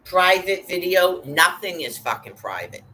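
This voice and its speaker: A woman's voice: fairly low pitch, very animated, a little slow, pushed and bright, poor audio. A woman delivering an angry, profane rant, cursing constantly and hurling threats.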